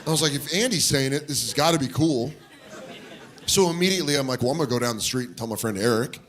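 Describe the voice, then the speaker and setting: Speaking quickly, a male comedian on a comedy club stage performs a story and plays each person in it, his pitch jumping wildly. A faint crowd and audience laughter can be heard.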